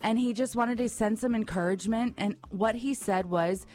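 A woman's voice: fairly high pitch, normal speed, hardly any pauses, soft background music. A woman co-hosting a radio morning show, chatting enthusiastically and sometimes tripping over her words. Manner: enthusiastic, stumbles over words when excited. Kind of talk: fundraising radio chat.

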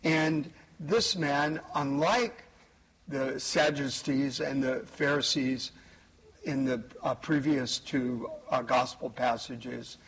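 A man, a priest, preaching a homily at Mass in a church, slow and measured, stressing key words. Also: on the high side, slightly rough, poor audio.

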